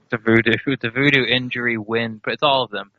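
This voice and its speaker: A man co-hosting a sports podcast, rambling and animated, laughing as he talks. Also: medium pitch, fast. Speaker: podcast co-host. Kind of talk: casual sports chat. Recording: dry, slightly dull podcast audio.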